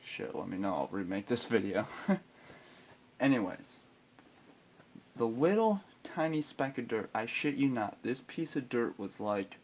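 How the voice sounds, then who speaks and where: Slow-talking profane young man ranting. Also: medium pitch, big pitch swings, a little hiss or hum. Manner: profane, exasperated, swings into loud outbursts. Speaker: vlogger telling a school story. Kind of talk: ranting storytime vlog.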